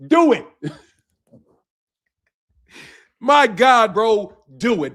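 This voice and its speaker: A man with a fairly high voice rants to his audience about boxing. He mocks and taunts in a profane, heated way, laughing between lines and repeating his points over and over. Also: big pitch swings, takes it slowly, a bit bright. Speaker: boxing channel host. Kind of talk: mocking rant to camera.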